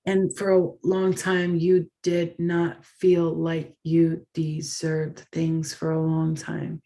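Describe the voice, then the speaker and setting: A woman's voice: low-pitched, completely flat delivery, takes it slowly, hardly any pauses, warm tone. A woman giving a channeled tarot reading, talking in an effusive, emotional and dramatic way, with the odd swear word. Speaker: tarot reader.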